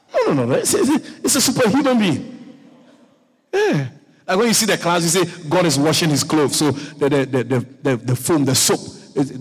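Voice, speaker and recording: A man preaching a sermon, telling the story with animated swings up to shouts. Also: a little high, husky. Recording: long echo of a large hall.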